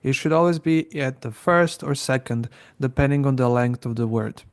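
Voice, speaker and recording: Gravelly-voiced man co-hosting a language podcast. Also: medium pitch, normal speed. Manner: explains plainly, with fillers and restarts. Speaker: podcast co-host. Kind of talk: casual educational chat.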